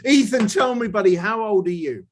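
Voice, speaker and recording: A man's voice: high-pitched, animated, moderate pace. A man with a London English accent, chatting casually and playfully over a video call as the interviewer. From England. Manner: friendly and joking with a child.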